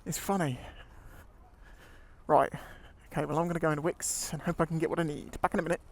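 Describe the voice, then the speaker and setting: A man's voice: on the high side, fairly even intonation, fast talker, gravelly. A man chatting casually on a motorcycle ride, rambling and laughing easily. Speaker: motovlogger. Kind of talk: casual chat while riding. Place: outdoors on a motorbike in town traffic. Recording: loud road and traffic noise.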